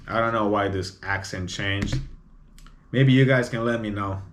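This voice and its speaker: A man's voice: fairly low pitch, steady tone, moderate pace, slight background noise. A man hosting a solo podcast, talking bluntly and opinionatedly, often tacking on "you know?". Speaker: podcast host.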